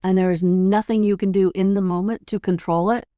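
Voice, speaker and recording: A middle-aged woman hosting a podcast, calmly guiding listeners step by step through a tapping routine and often checking in with "right?". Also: mid-range voice, a little fast, no room sound, muffled recording. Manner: calm, guiding, demonstrates steps. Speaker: podcast host and tapping coach. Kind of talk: instructional podcast talk.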